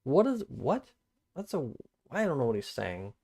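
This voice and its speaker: A man's voice: a little high, wildly swooping pitch, a little slow, mellow. Man reading and musing over scripture. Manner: thinks aloud, rereads verses and repeats phrases while puzzling over them; casual, plain-spoken asides between formal scripture reading. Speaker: Bible study streamer. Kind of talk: live-streamed Bible study, reading aloud and commenting.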